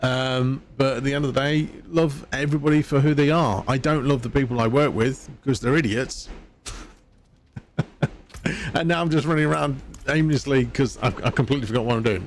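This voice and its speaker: A man streams a video game live, his mid-range voice brisk against slight background noise. He chats casually and ramblingly while playing, laughing at himself along the way.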